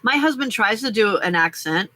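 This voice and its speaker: A woman hosting a casual live crafting stream, chatty and quick to laugh as she reads out viewer comments. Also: mid-range voice, animated, pushed and bright, low-quality recording.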